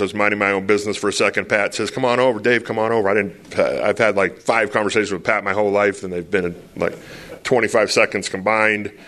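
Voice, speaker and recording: A man giving a candid, joking talk about his past to a crowd at a retreat, telling stories with rambling asides. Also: fairly low pitch. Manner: self-deprecating, joking, storytelling with rambling asides. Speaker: speaker at a recovery retreat.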